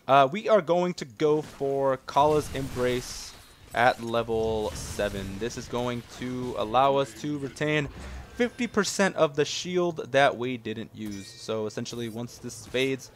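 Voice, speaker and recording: A young man commentating his own gameplay, excitable and casual, yelling at teammates and swearing, then calmly explaining strategy. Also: medium pitch, normal speed, a little hiss or hum.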